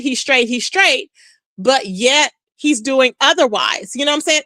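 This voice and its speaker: Woman live streamer, high bright voice, chatty, dry close mic. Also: no room sound. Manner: chatty, animated, says "child" often. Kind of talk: casual live-stream chat reading comments.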